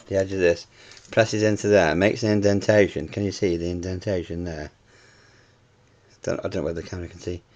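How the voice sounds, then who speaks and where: A man's voice: low-pitched, a little mellow, muffled recording. A British man talking through a home science experiment, chatty and thinking aloud as he reads off measurements, and swearing freely. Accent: British English.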